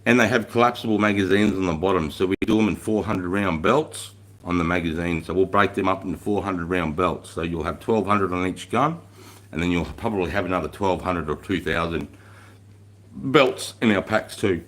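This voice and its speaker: A man's voice: sits low, moderate pace, fairly bright tone. An Australian army veteran hosting a casual live stream, talking bluntly with plenty of swearing and stumbling restarts as he answers viewers' questions. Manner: blunt, heavy swearing, repeats and restarts words; reads out and answers viewer chat. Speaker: livestream host, army veteran.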